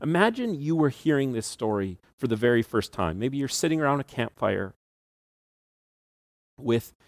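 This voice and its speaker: A man preaching a sermon in a chatty storytelling manner, breaking into small laughs as he retells the tale. His voice sits at an ordinary middle pitch. The sound is dry and close, with almost no room echo. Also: big pitch swings, moderate pace. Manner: conversational storytelling with asides and laughs. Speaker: pastor.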